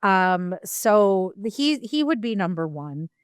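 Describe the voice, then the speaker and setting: A woman co-host talks in frank, rambling casual chat, hedging with ums and restarts. Her voice is smooth and clear at a middle pitch. It is recorded close and dry. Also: sing-song, slow pace, dry recording.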